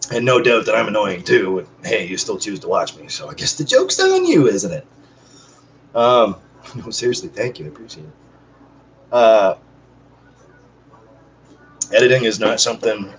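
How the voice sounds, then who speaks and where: A man's voice: fairly low pitch, slight background noise, rough recording. A man hosting his own unedited vlog from home, chatting casually to viewers with rambling, joking, self-deprecating asides. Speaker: channel host. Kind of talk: casual unedited one-take vlog chat.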